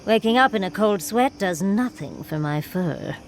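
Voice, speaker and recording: A woman's voice: mid-range voice, expressive, moderate pace, slight background noise, lightly acted. An actress voicing a furred female adventurer companion in a video game, with a wry, teasing manner that tosses out darling and dear. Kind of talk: video game character dialogue.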